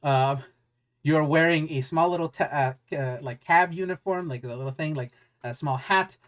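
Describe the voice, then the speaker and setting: A man's voice: on the high side, moderate pace, a little hiss or hum. A man narrating as game master of a tabletop game, rambling and searching for words with many fillers.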